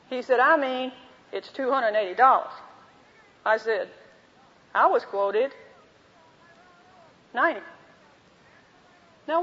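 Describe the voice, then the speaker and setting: Woman teacher, high voice, story-driven delivery playing each part herself; muffled old recording in a big echoing hall. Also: fairly bright tone. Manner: storytelling, acts out both sides of dialogues. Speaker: women's Bible teacher. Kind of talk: teaching talk to a women's group with anecdotes. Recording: dull lo-fi recording in a reverberant hall.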